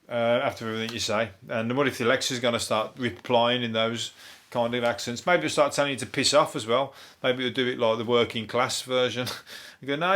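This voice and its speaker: A man with a Birmingham accent rambles through a comedic review of the news, swearing freely and laughing at his own jokes. His voice sits at an everyday middle pitch. Now and then he slips into quick silly impressions. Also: fairly bright tone. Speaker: comedian host.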